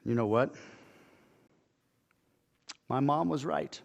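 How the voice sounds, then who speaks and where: A pastor delivering a dramatic first-person monologue during a church service, telling it in a conversational way with halting pauses and restarts. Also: male voice, a little high, expressive. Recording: echoey hall with long reverb.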